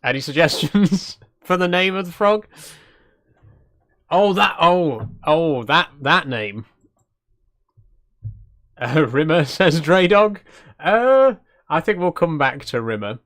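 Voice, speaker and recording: A man's voice: a little high, lively intonation, slow, pauses often, a bit bright. Chatty, self-deprecating man streaming a game. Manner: chatty, laughing, reads out chat suggestions; self-deprecating, trails off and restarts. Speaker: streamer host. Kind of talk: casual livestream commentary.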